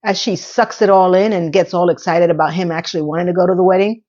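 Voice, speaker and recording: A woman casually recapping a TV episode in a chatty, animated way. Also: fairly low pitch, quick pace, lo-fi sound. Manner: animated, acts out quotes.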